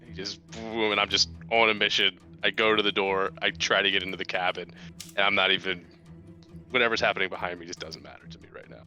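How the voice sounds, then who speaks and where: Low, bright-toned male player. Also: quick pace, highs cut off, faint music behind. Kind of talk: casual tabletop gaming chat.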